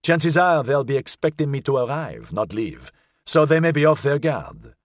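A man's voice: medium pitch, sing-song, normal speed, no echo, studio quality. A man voicing a big, jovial man who enjoys the attention, in an audiobook. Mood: cheerful. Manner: cheerful and self-satisfied.

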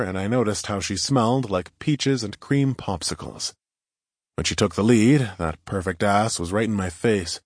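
Narrating a first-person audiobook, this man sounds wry and conversational, his voice sitting on the low side. It's a dry, close recording with no room sound.

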